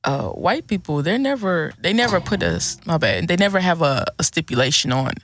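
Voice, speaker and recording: A woman guest on a podcast, talking in a casual, animated and emphatic way and acting out the people she quotes. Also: lowish voice, moderate pace, slight background noise.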